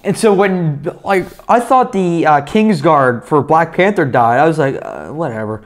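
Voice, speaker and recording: A young man giving a casual, rambling movie review, excitable and swearing, with lots of fillers. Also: fairly high pitch, a little slow.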